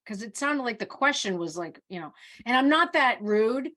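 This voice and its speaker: Animated woman hosting a video-call Q&A. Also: mid-range voice, fairly quick. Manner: animated, restarts and repeats words often. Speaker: doctor of Oriental medicine hosting a Q&A. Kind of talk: casual live Q&A talk.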